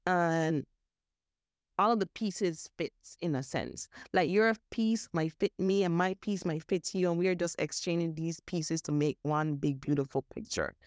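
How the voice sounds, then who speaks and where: Woman, low pitch, dry close sound, earnest guest chatter. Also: measured pace, smooth, no room sound. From Caribbean. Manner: earnest, animated, laughs often, restarts words. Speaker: podcast guest, mental health advocate. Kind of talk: casual interview chat.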